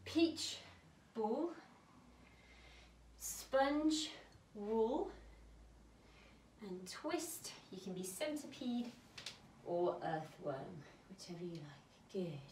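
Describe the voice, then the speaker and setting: A woman's voice: on the high side, big pitch swings, extremely slow, pauses often, darkish tone, a little hiss or hum. A woman teaching a creative dance lesson for young children, talking straight to them in an encouraging way. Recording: echoey room, mic at a distance.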